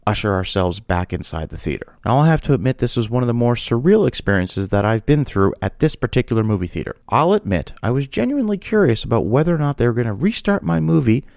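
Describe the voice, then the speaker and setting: A man hosting a podcast, telling a story as an animated, emphatic rant. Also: mid-range voice, quick pace, gravelly, hardly any pauses, no echo, studio quality. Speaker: podcast host.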